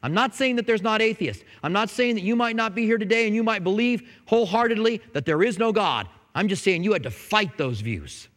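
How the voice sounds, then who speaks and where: A male pastor preaching an earnest sermon, swinging between loud emphatic lines and hushed, quiet ones. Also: high voice, animated, a little fast, hardly any pauses, big-room sound.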